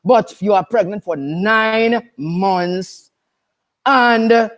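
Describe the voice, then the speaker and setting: An older nurse and midwife from Dominica speaks extremely slowly in a medium-pitched voice as a guest on a casual radio chat. She's emphatic and repeats herself, firmly saying "no, no, no."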